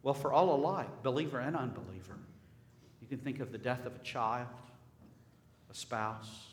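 A man's voice: mid-range voice, normal speed, slight background noise. A man preaching a sermon in a church, emphatic and full of rhetorical questions and repeated phrases. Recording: echoey hall with long reverb.

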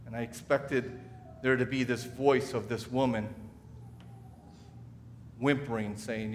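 A man's voice: mid-range voice, fairly even intonation, a little slow, long pauses, a bit bright. Man preaching in a reverberant hall. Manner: conversational storytelling with repeated restarts. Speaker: pastor. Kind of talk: sermon.

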